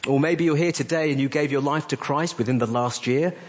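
Man preaching a sermon, dull lo-fi audio. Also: a little fast. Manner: emphatic preaching, rising on questions and dropping low on key phrases. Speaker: pastor. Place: church.

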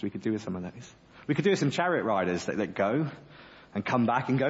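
A man's voice: on the low side, lively intonation, quick pace. A man preaching a sermon in church, earnest and passionate with humorous asides. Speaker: pastor. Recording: dull lo-fi sermon audio.

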